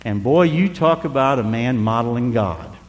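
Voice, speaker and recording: A man in his sixties preaching a sermon, telling a personal story with animated delivery that drops to a hush at tender moments. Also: medium pitch, moderate pace, in a large hall. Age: 60s. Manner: animated, drops to hushed tones for emotional moments.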